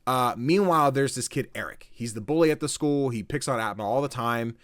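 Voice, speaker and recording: Animated storytelling man, dry mic. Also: mid-range voice, a little fast, no echo. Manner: animated storytelling, acts out quotes, swears casually. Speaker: podcast co-host. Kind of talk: casual chat.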